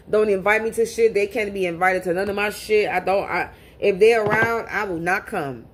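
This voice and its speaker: A woman's voice: mid-range voice, a little slow. Blunt, cursing woman venting to camera. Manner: blunt, profane, restarts and repeats words. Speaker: spiritual reader. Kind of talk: casual monologue to camera.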